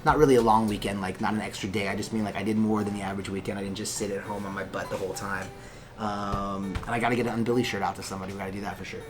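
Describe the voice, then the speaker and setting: A man's voice: fairly low pitch, level tone, rapid-fire, over music. A man who is a lawyer hosting a casual vlog from his law office, chatty and joking as he rambles. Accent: Californian.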